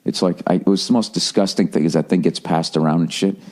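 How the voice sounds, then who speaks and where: A middle-aged American man with a fairly low voice, ranting on a podcast. He swears freely, stumbles and restarts sentences, and keeps a loose comedic flow. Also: fast talker, darkish tone. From United States. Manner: profane, ranting, with frequent restarts. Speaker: podcast host.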